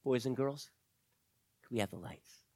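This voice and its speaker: A man's voice: mid-range voice, unhurried, no room sound, studio quality. A man telling an adventure story to children, talking to them directly. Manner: animated, addresses kids directly.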